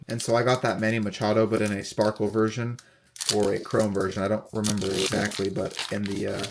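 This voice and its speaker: Relaxed low-voiced man reading off cards. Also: noisy background. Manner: relaxed, reads off player names in a steady list. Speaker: card collector unboxing host. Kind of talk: casual unboxing commentary.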